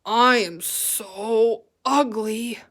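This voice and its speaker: A gloomy storybook pig who thinks he's ugly, dragging out each word in a low, heavy voice, played by a woman. He sounds sorry for himself, but gently so, the way a picture book reads aloud. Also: extremely slow, exaggerated voice. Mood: mournful. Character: sad self-doubting male pig.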